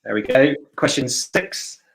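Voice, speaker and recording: A man runs through quiz answers in a casual, friendly way. His pitch sits at a middling level for a man. He talks in a chatty way, with a few hesitations along the way. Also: lively intonation, unhurried, creaky, fairly bright tone, poor audio. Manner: easygoing, chatty, slightly hesitant. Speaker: quiz host. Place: home, livestream for a church quiz.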